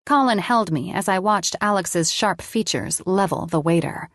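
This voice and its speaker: A woman's voice: medium pitch, moderate pace, fairly bright tone, no room sound, studio quality. A woman reading a romance audiobook in first person, with an intimate, confessional tone. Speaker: audiobook narrator.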